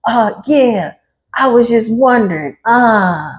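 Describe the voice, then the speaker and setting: A woman voicing a meek, hesitant male devil who stammers, with a low, quiet delivery. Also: lively intonation, takes it slowly, highs cut off. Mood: sheepish.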